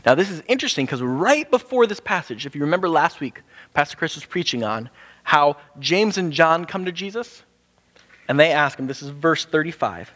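A man preaching a casual, animated sermon, acting out the people in his story with jumps in pitch. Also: normal speed. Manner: animated, acts out quoted voices with sudden pitch jumps. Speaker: pastor. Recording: hall with long reverb.

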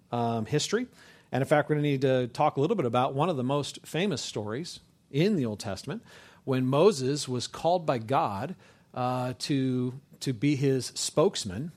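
A man preaching a sermon in an informal, conversational way, often checking in with his listeners. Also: medium pitch. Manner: conversational, many restarts and "right?" asides. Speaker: pastor.

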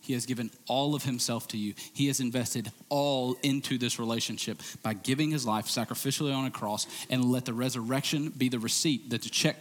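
A middle-aged man preaches to his congregation, his voice sitting in an ordinary register. He swings from loud, emphatic declarations down to hushed, intense lines. The sound carries the long reverb of a church sanctuary. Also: medium pitch. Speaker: pastor. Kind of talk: sermon.

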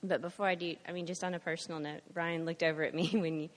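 A woman from the congregation shares a testimony in a halting way, pausing often on fillers. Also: fairly low pitch, flat delivery. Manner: warm-hearted, halting, with many fillers. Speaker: congregation member. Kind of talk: sharing testimony in church. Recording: long hall reverb.

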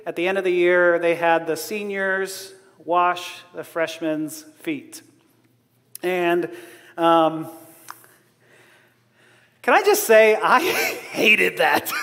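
A man's voice: high voice, fairly bright tone. A man preaching a sermon in a humorous, self-deprecating way, laughing often. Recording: long hall reverb.

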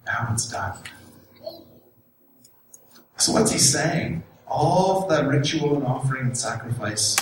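Conversational pastor in a very echoey church. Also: male voice, mid-range voice, recorded from a distance, background noise. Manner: conversational, emphatic, addresses listeners as folks. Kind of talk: sermon. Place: church sanctuary. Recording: very echoey church room, recorded from afar.

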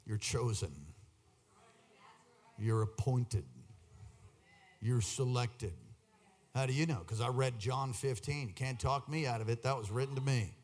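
A man preaching a charismatic sermon in church, moving from quiet storytelling to shouted call-and-response with the congregation. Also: mid-range voice, measured pace, long pauses.

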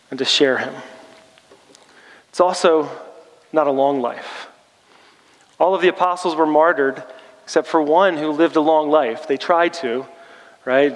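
A man's voice: in a large hall, rough recording. A man pastor preaching a sermon, turning rallying and emphatic as he challenges the congregation. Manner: rallying, rising in pitch and force when challenging the congregation.

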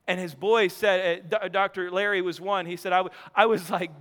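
Male preacher, clear resonant voice, slightly higher register, shifts from loud emphasis to near-hush, long hall reverb. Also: fairly even intonation, brisk, few pauses. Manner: swings from loud emphatic to soft hushed delivery. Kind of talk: sermon with storytelling.

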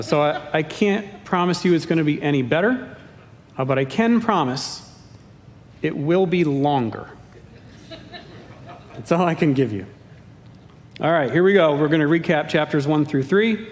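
Joking pastor in an echoing hall. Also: male voice, expressive, a little slow, long pauses. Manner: playful, self-deprecating humor. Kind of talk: sermon. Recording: echoey hall with faint rumble.

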